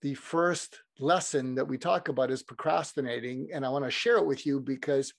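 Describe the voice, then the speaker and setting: A man's voice: medium pitch, moderate pace, creaky, no echo. A man telling stories as a podcast guest, meandering and restarting his sentences. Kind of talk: casual rambling storytelling.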